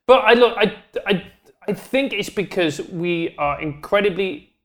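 A man, a podcast guest in animated, joking casual chat. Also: high-pitched, a little slow. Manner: animated, joking, rambling with restarts.

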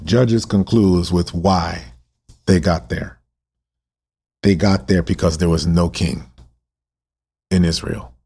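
A man hosting a Bible-reading podcast, emotional and passionate, who repeats rhetorical questions and swings between urgent and hushed delivery. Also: deep voice, breathy edge. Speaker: podcast host.

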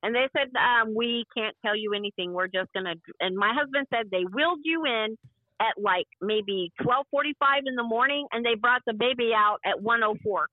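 A woman in her fifties recounts a personal story as a guest, reliving it vividly and voicing each person's words. Her voice sits a little high and comes through a thin, tinny phone line with no room sound at all. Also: moderate pace, dry recording. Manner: vivid, emotional retelling that acts out past dialogue. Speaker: interview guest. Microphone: phone call.

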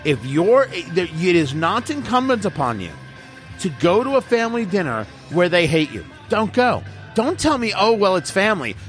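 Middle-aged guy ranting bluntly, high voice that swings all over, faint music behind. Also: fairly bright tone. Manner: blunt, opinionated, emphatic. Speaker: radio host. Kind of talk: casual chat.

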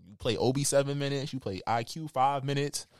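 A man's voice: medium pitch, fairly quick, smooth, no room sound, studio quality. A man with a New York accent, co-hosting a podcast and ranting about basketball in casual, profane, teasing banter. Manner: animated, profane, teasing rants. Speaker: podcast co-host.

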